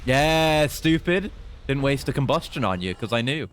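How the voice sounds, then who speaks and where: A man's voice: medium pitch, lively intonation, fast, fairly bright tone, a little hiss or hum. A young British man giving casual, chatty commentary while streaming a game, swearing and teasing enemies. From Britain.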